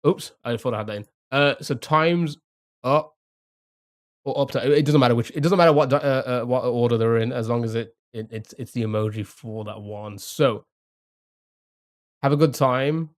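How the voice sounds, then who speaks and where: A man's voice: medium pitch, moderate pace. A young man streaming a game live, thinking aloud, chatting to viewers and laughing often. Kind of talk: casual live-stream commentary.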